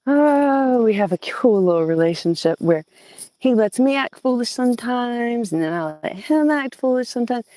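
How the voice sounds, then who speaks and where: Walking her outdoor garden, this gardening vlogger from southeastern Virginia chats animatedly with viewers on an old phone, greeting them and cooing at her plants in a Southern American accent. Her voice is fairly high-pitched and moderately paced, with no room sound.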